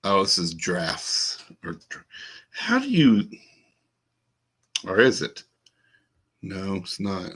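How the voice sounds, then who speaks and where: Slow, bright-voiced joking man. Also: sits low, huge pitch swings, breathy edge. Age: middle-aged. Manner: joking, slow and musing, breaks into silly voices. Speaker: podcast host. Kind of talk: casual chat solving a crossword.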